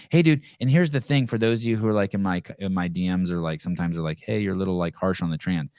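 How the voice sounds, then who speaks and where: A man's voice: low voice, fast, hardly any pauses, no echo, clean studio sound. A man hosting a podcast, ranting bluntly and profanely in casual commentary. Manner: blunt, swearing, animated rants. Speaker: podcast host.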